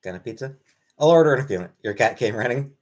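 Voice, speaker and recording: A man's voice: medium pitch, expressive, racing. Guy doing a chill home livestream, voice bouncing all over, chatting w/ viewers. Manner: rambling, thanks chatters by name, baby-talks to his pet. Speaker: livestream host. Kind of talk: casual livestream chat reading comments.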